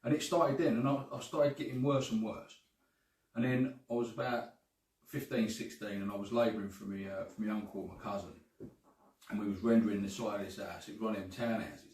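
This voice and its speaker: A man's voice: on the low side, fairly even intonation, brisk, a little mellow. Chatty swearing man. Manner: swearing, chatty, says "right?" and "mate" a lot. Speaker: guest panellist. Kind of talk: casual chat storytelling. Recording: echoey room from far off, faint noise.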